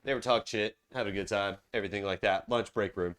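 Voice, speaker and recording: A man's voice: on the low side, fast, fairly bright tone. A young man from South Carolina who speaks without a regional accent, hosting a casual podcast and telling stories. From Charleston, South Carolina. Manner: storytelling, does voices in quotes. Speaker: podcast host. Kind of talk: casual chat.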